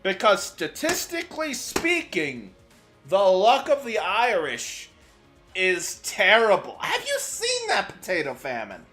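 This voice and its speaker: A young man streaming a game, chatting with his viewers as he plays and breaking into sudden excited outbursts. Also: high voice, takes it slowly, faint music behind. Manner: chatty, answers chat while playing, sudden excited outbursts. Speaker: VTuber streamer. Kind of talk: gaming livestream commentary.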